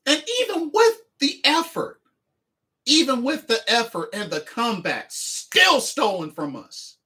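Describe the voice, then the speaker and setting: A man's voice: very high voice, very animated, unhurried, pushed and bright. A man streaming a sports game recap, talking emphatically and repeating the same phrases again and again. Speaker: livestreamer and sports fan.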